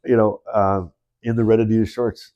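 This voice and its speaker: Rambling man with a warm, low voice. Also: level tone, normal speed, dull audio. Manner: rambling, many restarts and chuckles. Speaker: podcast co-host. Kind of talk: casual conversation. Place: indoors, in-person studio.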